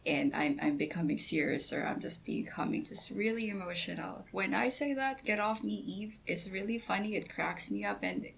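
A woman guest on a podcast, talking hesitantly with many pauses and fillers, and giggling. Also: on the low side, sing-song, gravelly, husky. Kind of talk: casual podcast chat.

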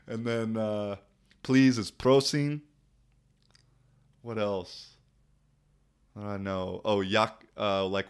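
A man's voice: fairly low pitch, slow, long pauses, smooth. A young man talking casually in a loose, slangy way, laughing often as he tells stories about living abroad. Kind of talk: casual vlog monologue.

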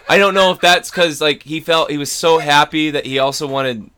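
Bright-voiced young man, rambling and laughing. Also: a little high, normal speed, a little hiss or hum. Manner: rambling, laughing, self-interrupting storyteller. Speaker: actor and guest. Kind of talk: casual podcast chat.

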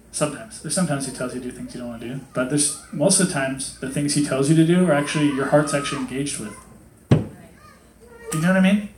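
A man's voice: mid-range voice, a little fast, slight background noise. A man in his thirties giving a casual, joking sermon, acting out quoted voices as he talks. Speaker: preacher. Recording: echoey hall.

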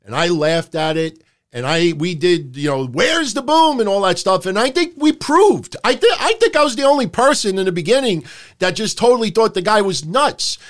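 Blunt, ranting man with a higher voice. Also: expressive, normal speed. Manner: ranting, blunt, swears freely. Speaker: podcast host. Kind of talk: casual opinionated wrestling talk.

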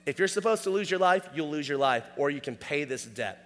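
A man's voice: on the high side, lively intonation, fairly quick, fairly bright tone, long reverb tail. Man doing a cold stern king. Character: stern unmerciful male king.

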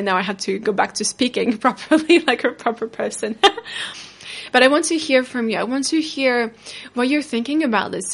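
A woman hosting a podcast as a self-love coach, telling a personal story in a reflective way that slows down on emotional words. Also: medium pitch, a bit bright. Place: indoor studio.

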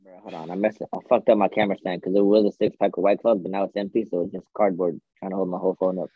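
A man chats as a podcast guest in quick, slangy bursts full of swearing, his voice a little husky. He talks through earbuds, so the sound comes out muffled and lo-fi. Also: low-pitched, flat delivery, no room sound. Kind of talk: casual chat. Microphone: earbuds on a phone. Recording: dull lo-fi earbud mic.

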